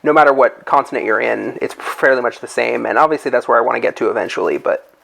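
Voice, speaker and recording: A man's voice: medium pitch, fast talker, vocal fry, a bit bright, low-quality recording. A man running a tabletop game, chatting casually on a call and thinking aloud with lots of fillers. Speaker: game master. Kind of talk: casual group chat.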